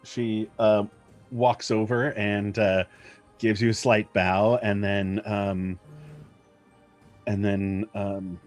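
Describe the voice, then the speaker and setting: Slow, halting low-voiced man running a game. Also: flat delivery, a little mellow. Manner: halting, many ums and uhs. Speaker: game master. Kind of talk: narrating a tabletop game. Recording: faint music behind.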